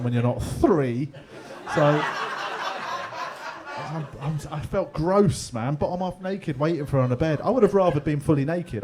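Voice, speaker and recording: A man's voice: fairly high pitch, warm tone. Man, middle-aged, London accent, stand-up comic, swears freely, chuckles through his story. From England. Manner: chatty, laddish, swears freely, laughs along. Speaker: stand-up comedian. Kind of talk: stand-up comedy set. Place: pub comedy room with live audience.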